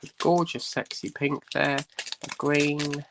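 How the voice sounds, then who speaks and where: Slow, gravelly man chatting. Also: on the high side, level tone, background noise. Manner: chatty, thinking aloud, lots of "right, um". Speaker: host. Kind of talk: casual unboxing vlog.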